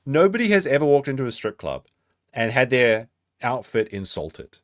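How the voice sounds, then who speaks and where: A man's voice: medium pitch, big pitch swings, normal speed, dry recording, clean studio sound. A man doing reaction commentary on a stream, mocking and sardonic as he picks apart a clip.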